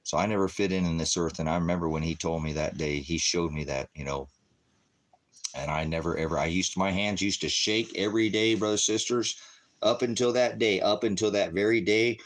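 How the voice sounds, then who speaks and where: A man's voice: deep voice, steady tone, brisk. A middle-aged man preaching an informal, rambling testimony, often calling out to his brothers and sisters. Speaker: independent preacher.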